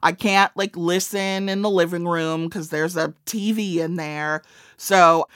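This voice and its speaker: With a mid-range, fairly bright voice, a woman in her forties chats casually in an interview; she's an author and comedian with a Midwestern American accent and a wry, self-deprecating style. The recording is studio quality with no room sound.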